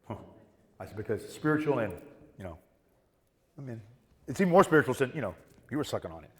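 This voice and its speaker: In an echoey hall with long reverb, a middle-aged man appears as a guest on a convention panel and tells rambling, profane stories. His mid-range voice moves fast, broken by long pauses, and his animated storytelling comes with whoops.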